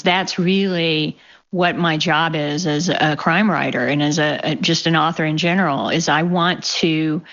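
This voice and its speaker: A woman's voice: fairly low pitch, a bit bright, highs cut off. A woman crime writer answering interview questions thoughtfully and reading a tense passage from her novel aloud.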